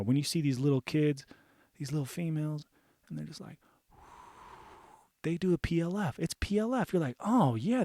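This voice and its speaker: A young man, an Army veteran, telling a comic story, animated and profane, acting out his own panic. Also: fairly high pitch, no echo, clean studio sound. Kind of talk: comedic storytelling.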